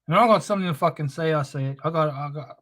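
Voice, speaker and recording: A man's voice: on the high side, quick pace, fairly bright tone. A man giving an impassioned live-streamed monologue, preachy and confrontational, swearing heavily. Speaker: livestream host. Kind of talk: impassioned spoken-word monologue.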